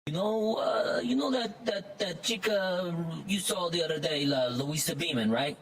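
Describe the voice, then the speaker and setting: A man's voice: high voice, normal speed, distant mic, slight background noise, pitched above the performer's own voice, rough recording. A man voicing a pushy, threatening mafia-style angel messenger who talks in gangster patter. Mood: menacing.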